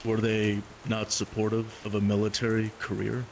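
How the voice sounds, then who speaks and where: A man voicing a gruff male soldier in a casual roleplay, speaking in a measured, polite way. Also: on the low side, monotone. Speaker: roleplay player. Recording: clear rain noise behind.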